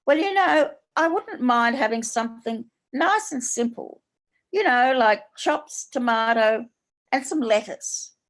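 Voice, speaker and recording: A woman's voice: a little high, moderate pace, natural voice. Woman reading a crude, plain-spoken older Australian mother; broad, swearing, sugary when asking. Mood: sugary sweet.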